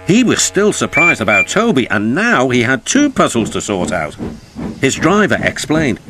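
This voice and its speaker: A man with a British accent, gently and expressively narrating a children's cartoon. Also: medium pitch, normal speed, background noise. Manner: gentle and expressive, voicing every character himself. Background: background music.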